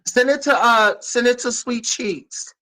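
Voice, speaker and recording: A woman vlogger telling stories in a casual, profane rant that bursts into shouting. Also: fairly high pitch, a little slow, poor audio.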